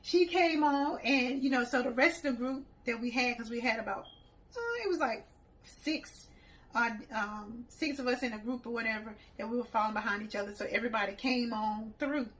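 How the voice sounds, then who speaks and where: A woman with a voice pitched a bit above the usual, recounting a group outing off the cuff. She speaks as a travel organizer, chatty and loose, laughing as she retells the story. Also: moderate pace, fairly bright tone, poor audio. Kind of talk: casual anecdote telling.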